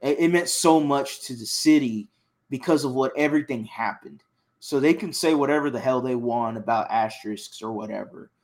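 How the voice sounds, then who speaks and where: A young man from Houston co-hosting a casual sports chat, passionate and excitable, often repeating himself. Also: mid-range voice, normal speed. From Houston, Texas. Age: young adult. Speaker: sports podcast co-host.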